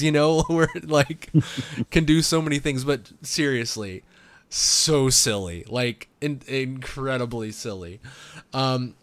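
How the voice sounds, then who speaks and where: A man of middle pitch talking casually as a podcast co-host. He's animated and quick to laugh, with "like" all through his talk. The sound is dry and close, with no room echo. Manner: animated and laughing, heavy use of "like".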